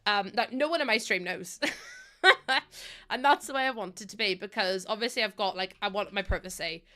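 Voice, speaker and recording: A young woman from Northern Ireland greets her stream audience while playing a game, her casual chat full of rambling and frequent laughter. Her mid-range voice is brisk, bright, and forceful.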